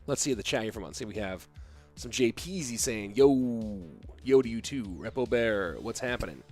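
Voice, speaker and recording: A man's voice: fairly low pitch, lively intonation, normal speed, darkish tone, soft background music. A tired man in his thirties casting an esports match on a live stream, chatting casually and reading viewer comments aloud between plays. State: sleepy. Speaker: esports caster.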